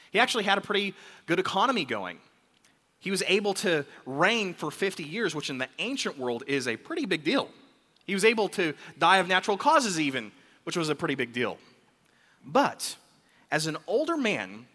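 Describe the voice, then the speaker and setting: A man preaching with a bright, forceful voice that sits a little higher than most. He tells the story with animation and acts out the lines of the people in it. A long reverb trails his words through a large hall. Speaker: pastor. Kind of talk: sermon.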